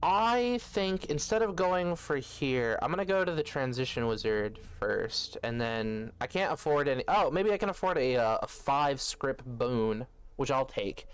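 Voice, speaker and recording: A man's voice: mid-range voice, expressive, a little slow, hardly any pauses, clean tone. A man giving casual let's-play commentary, joking and thinking aloud as he plays. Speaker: gaming video host.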